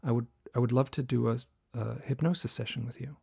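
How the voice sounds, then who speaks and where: Gravelly-voiced man telling a personal story. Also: mid-range voice, fairly even intonation, dark tone. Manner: earnest, halting, many restarts and fillers. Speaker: guest author and researcher. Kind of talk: casual interview storytelling.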